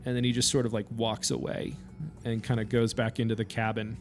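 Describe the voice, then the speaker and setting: A man's voice: on the low side, level tone, a little fast, soft background music. A man narrating a tabletop game as game master, in a casual, hesitant way with many fillers.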